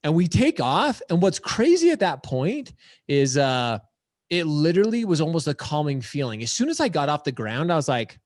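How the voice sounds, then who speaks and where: Man, podcast guest, chatty storyteller who acts out quotes; pitch sits a bit high, dry close sound. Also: big pitch swings, moderate pace, darkish tone, dry recording. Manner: says "like" and "dude" a lot. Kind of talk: casual storytelling chat. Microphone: headphones on, live podcast.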